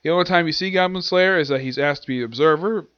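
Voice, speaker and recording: A man's voice: on the high side, clean tone, dry recording. Rambling man recapping episodes, dull lo-fi. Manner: rambling, with frequent restarts and quick acted quotes. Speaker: anime reviewer. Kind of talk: casual episode recap and review.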